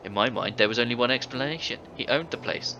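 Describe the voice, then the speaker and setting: A man's voice: medium pitch, fast, bright, forceful tone, soft background music. A man voicing a middle-aged former thief in a video game, telling tales with hearty, boastful relish. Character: older male ex-thief, boisterous tavern storyteller. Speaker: game character. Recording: dull game audio with faint hiss.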